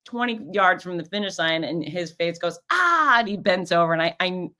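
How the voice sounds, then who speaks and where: Female host with a low voice, chatty and lively, acts out the people in her stories. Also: brisk. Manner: animated, acts out quoted voices. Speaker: podcast host and race announcer. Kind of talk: casual storytelling recap.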